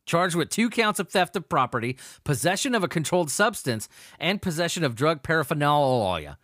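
A man's voice: fairly high pitch, sing-song, fairly quick, fairly bright tone, dry recording, studio quality. A man hosting a podcast, reading crime news aloud and ranting about it in a crude, laughing, profane way. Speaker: podcast host. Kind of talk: profane comedic news commentary.

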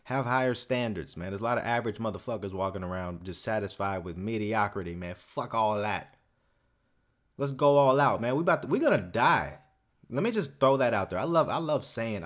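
A man's voice: fairly low pitch, animated, brisk. A young man hosting a solo podcast, ranting casually in a profane, swaggering, rambling way. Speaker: podcast host.

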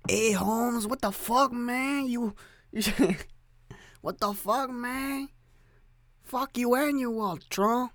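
Man doing a loud young street tough, high and brash, cursing hard, dry close sound, strained put-on accent. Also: drawn-out words, no echo, exaggerated voice. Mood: irate.

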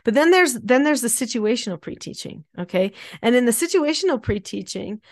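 A woman's voice: a little high, animated, brisk, dry recording, studio quality. A middle-aged woman teaching parenting methods in an explanatory, emphatic way, often repeating key words. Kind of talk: instructional podcast talk.

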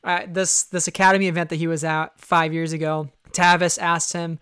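Chatty co-host, smooth clear voice, dry close sound. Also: medium pitch, flat delivery, normal speed, fairly bright tone, no room sound. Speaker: podcast co-host. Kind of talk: casual chat.

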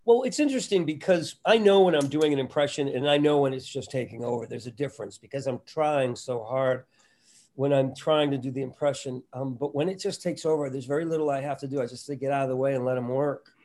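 A man's voice: mid-range voice, quick pace, a little mellow. A middle-aged man, a comedian and impressionist, talking animatedly and self-deprecatingly in an interview. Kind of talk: casual interview talk.

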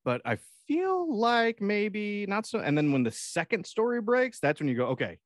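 A man's voice: sits high, huge pitch swings, normal speed, no echo. Rambling man on a podcast, dry mic. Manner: rambling, hesitant with fillers, swears casually. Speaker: podcast co-host. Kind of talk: casual comedic chat.

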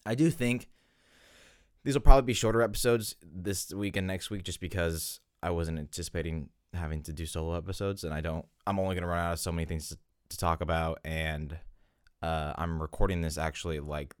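A young man with a deep, smooth voice chats casually on his solo podcast. He rambles and corrects himself, sounding a little out of breath. The sound is close and dry. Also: fairly even intonation, a little fast, dry recording. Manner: rambling, self-correcting, chatty. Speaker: podcast host.

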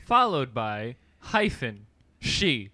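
Joking young man with a bright voice. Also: mid-range voice, sing-song, no room sound. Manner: joking, quick banter. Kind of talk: casual chat.

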